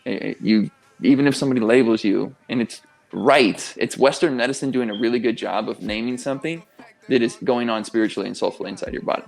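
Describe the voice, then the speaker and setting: A man's voice: medium pitch, quick pace, vocal fry. A young man as a guest on a radio interview show, talking with passion and emphasis and swearing freely. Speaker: guest, pro athlete and coach.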